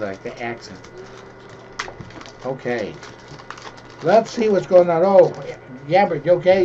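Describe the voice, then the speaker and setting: A middle-aged man opening packs of cards in casual, rambling commentary with jokey asides, recorded at home. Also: fairly high pitch. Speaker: host opening card packs. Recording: dull lo-fi home recording with faint hiss.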